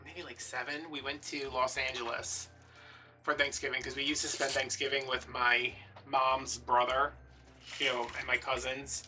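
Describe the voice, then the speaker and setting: A man's voice: medium pitch, level tone, normal speed, pushed and bright, far from the mic, soft background music. A man, hosting a craft video and telling rambling, playfully dramatic stories. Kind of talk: casual storytelling while crafting.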